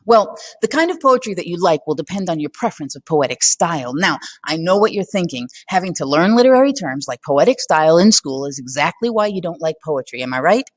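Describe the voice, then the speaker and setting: A woman's voice: lowish voice, dry recording. A woman narrating a scripted poetry lesson in a conversational way, often putting questions to the listener. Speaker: teacher.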